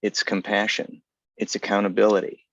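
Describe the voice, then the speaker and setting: A man's voice: on the low side, completely flat delivery, normal speed, dry recording, lo-fi sound. A man giving an earnest, articulate talk over a video call, often restarting his sentences. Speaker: guest speaker. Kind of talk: casual virtual talk.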